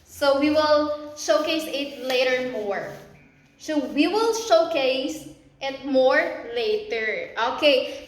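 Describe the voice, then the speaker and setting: A young woman hosting a live-selling stream, bubbly and chatty, giving shout-outs and restarting her sentences. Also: high voice, animated, slow pace. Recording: roomy echo.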